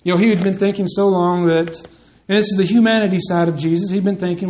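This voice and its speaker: A man's voice: high-pitched, fairly even intonation, fast talker, hardly any pauses, darkish tone, a little hiss or hum, low-quality recording. A male preacher giving a conversational sermon, reading scripture and addressing the men directly, acting out quotes as he goes.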